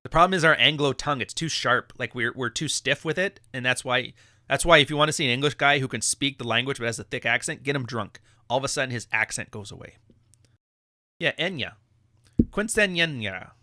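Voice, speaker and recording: A man's voice: mid-range voice, quick pace, pushed and bright, no room sound, studio quality. Blunt, profane male podcast host. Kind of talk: live podcast rant.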